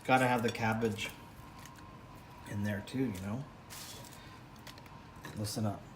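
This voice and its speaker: A middle-aged man casually vlogging as he cooks in a home kitchen and gently coaches his young daughter with a knife, chatty and jokey. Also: fairly low pitch, fairly even intonation, takes it slowly, slight background noise. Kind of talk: casual cooking ASMR vlog. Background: music and kitchen clatter of knives and pots.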